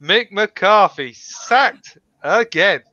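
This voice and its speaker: A man's voice: high voice, animated, very slow, bright, forceful tone, dry recording. A man hosting a casual football panel chat, often giggling as he talks, on a slightly muffled recording. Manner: giggly, laughs often while talking. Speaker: podcast host.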